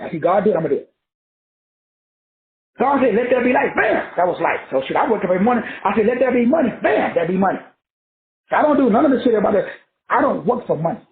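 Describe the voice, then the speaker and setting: 60s man preaching casually, high lively voice, cussing, tinny audio in an echoey room. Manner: profane, animated, preachy. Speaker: spiritual teacher.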